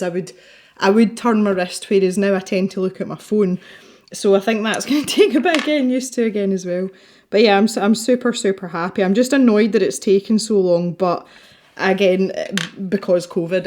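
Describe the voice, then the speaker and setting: A woman's voice: mid-range voice, a little mellow. A Scottish woman hosting a colouring video, chatting casually and rambling while she works, often laughing. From Scotland. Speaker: colouring channel host.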